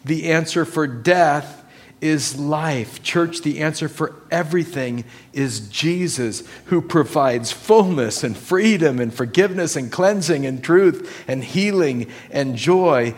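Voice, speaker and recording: Slow, emphatic preaching man. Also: fairly high pitch. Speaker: pastor. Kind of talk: sermon.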